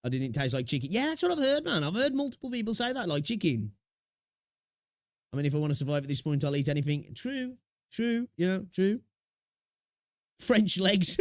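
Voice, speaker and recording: A man's voice: a little high, dry recording, clean studio sound. A young man chatting casually on a live stream, reacting to videos, talking to his chat with slang and frequent laughs.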